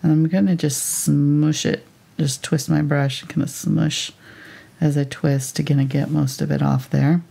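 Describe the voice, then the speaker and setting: A woman teaching a live painting tutorial step by step, thinking aloud as she works in a relaxed, chatty way. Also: low voice, unhurried, vocal fry, slightly rough. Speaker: painting instructor.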